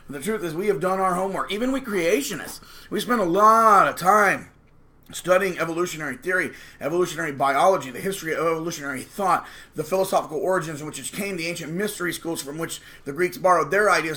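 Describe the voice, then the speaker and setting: A man's voice: fairly high pitch, bright, forceful tone. A man hosting his channel, talking to camera in a combative, preachy and emphatic way. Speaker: channel host. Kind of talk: casual monologue to camera.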